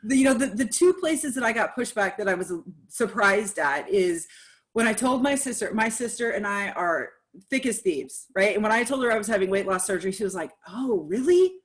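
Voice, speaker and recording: A woman speaking candidly in a casual podcast conversation, animated and acting out the reactions of others. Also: mid-range voice, a little fast.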